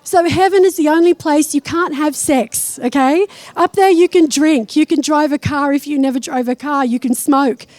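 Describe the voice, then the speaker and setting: A woman's voice: high voice, normal speed, few pauses, a little mellow, no echo. A woman psychic medium giving a blunt, irreverent stage talk and live readings to an audience. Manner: blunt and irreverent, swears freely.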